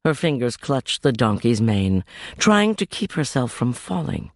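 A man narrating a scripted story in an expressive, measured way. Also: mid-range voice, dry recording, studio quality.

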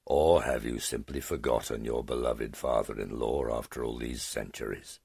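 A man voicing an ancient, condescending male dragon in an audiobook, with a deep growling voice and a slow, superior manner. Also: fairly even intonation, vocal fry, darkish tone, slightly rough, dry recording, clean studio sound, full character voice. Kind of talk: audiobook character voice.

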